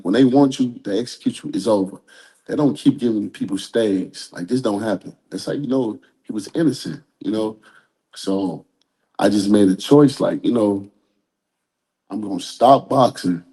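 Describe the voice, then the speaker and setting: A man whose voice is somewhat low, warm and mellow speaks openly as a guest in a casual interview. He stays earnest throughout, rambling a bit and looping back with filler words.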